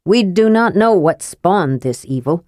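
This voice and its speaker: A woman voicing a calm, serious male half-elf leader from a storybook, speaking in a measured, earnest way. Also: fairly low pitch, no room sound, clean studio sound.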